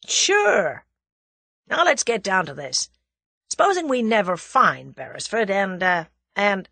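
A woman's voice: mid-range voice, very animated, takes it slowly, creaky, sharp tone, no echo, exaggerated voice. A woman voicing a brash, friendly young American man who talks in folksy slang. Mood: teasing.

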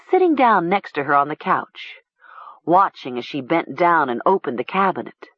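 A woman narrating a storybook in a measured, expressive way. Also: on the low side, breathy edge, no room sound. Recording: dull lo-fi recording.

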